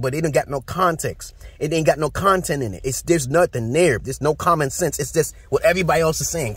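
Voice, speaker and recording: Blunt, husky New York man ranting. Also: fairly high pitch. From Brooklyn, New York, USA. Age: 40s. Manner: blunt, profane, preachy. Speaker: vlogger. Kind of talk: casual rant to camera.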